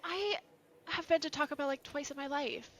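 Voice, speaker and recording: A woman's voice: high voice, normal speed, fairly bright tone, dry recording. A woman from Canada, a podcast guest playing a guessing game in casual chat, giggly and self-deprecating.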